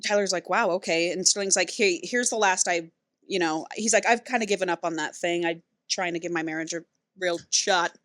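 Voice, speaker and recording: A woman's voice: lowish voice, fairly quick, no echo. A woman co-hosting a podcast, casually retelling a romance novel's plot and acting out the characters' lines. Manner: animated storyteller who acts out characters' lines. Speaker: podcast co-host.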